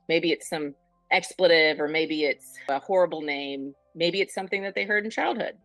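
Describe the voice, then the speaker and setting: A woman's voice: low-pitched, moderate pace, a bit bright, dry recording, faint music behind, low-quality recording. A woman therapist on a panel, explaining ideas with vivid acted-out examples. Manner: explanatory, illustrative, acts out examples. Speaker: couples therapist. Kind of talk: panel discussion.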